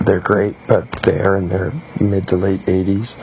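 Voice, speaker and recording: A man's voice: sits low, monotone, moderate pace, a little hiss or hum. A man leaving a rambling, laid-back voicemail for a radio show. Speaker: voicemail caller. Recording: dull lo-fi voicemail.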